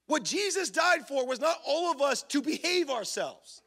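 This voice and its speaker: A man preaching a sermon in a church, animated, acting out little scenes and shouting for emphasis. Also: very high-pitched, moderate pace, hardly any pauses. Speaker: pastor.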